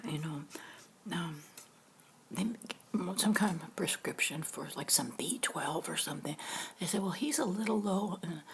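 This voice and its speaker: Middle-aged woman whispering a story real slow, laughs a lot, low-ish voice. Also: slight background noise. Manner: soft, half-whispered with bursts of laughter. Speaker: vlogger telling a story. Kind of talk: soft-spoken storytelling, partly whispered.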